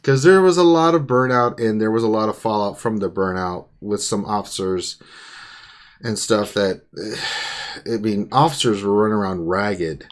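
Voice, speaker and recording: A man's voice: lowish voice, normal speed. A man hosting a live online Q&A stream, chatting casually and teasing his co-hosts. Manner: playful, teasing, animated.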